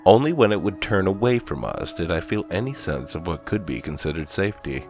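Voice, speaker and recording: A man with an extremely deep voice reads a horror story aloud. He is slow, grave and dramatic, and each line is carefully scripted. Faint music plays behind him. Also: expressive, darkish tone. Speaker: narrator.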